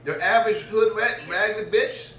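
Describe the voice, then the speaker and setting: A middle-aged man rants through a crude story in a high, bright voice. He rambles and laughs at his own tale. The sound is distant and echoey, as if the mic sits across a room. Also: unhurried. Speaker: vlogger. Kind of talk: profane storytelling rant.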